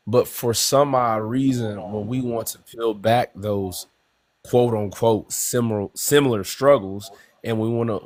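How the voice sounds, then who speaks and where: A man calling in to a live discussion, explaining his view in a measured way. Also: mid-range voice, no room sound. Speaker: caller.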